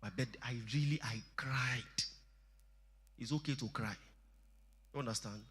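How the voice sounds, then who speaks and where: A man in his forties with a Nigerian English accent gives a relaxed, slangy talk to a church youth group. His voice is somewhat husky and sits at an ordinary pitch for a man. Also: normal speed. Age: 40s. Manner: conversational preaching with local slang. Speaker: pastor.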